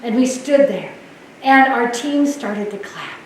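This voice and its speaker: A woman nurse giving a storytelling talk, lively and laughing, acting out voices. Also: fairly high pitch, slow, recorded from a distance, noisy background. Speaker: nurse speaker. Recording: echoey hall, mic heard from afar.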